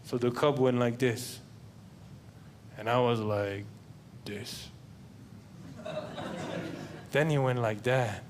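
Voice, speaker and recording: Slow-talking man doing stand-up. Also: mid-range voice, fairly even intonation. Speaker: stand-up comedian. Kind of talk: stand-up comedy set. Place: comedy club stage. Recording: live club with background noise.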